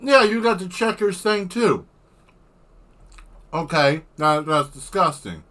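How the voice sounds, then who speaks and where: Bright-voiced man ranting comically. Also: sits high, animated, slow. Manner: rambling comic rants with exaggerated outbursts; swears freely. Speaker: artist streaming while drawing. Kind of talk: casual livestream chat.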